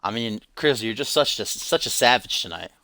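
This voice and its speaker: A man's voice: fairly low pitch, lively intonation, moderate pace, sharp tone, no room sound, clean studio sound. A man hosting a live stream, giving joking play-by-play of a wrestling video game between chat asides. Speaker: stream host and commentator.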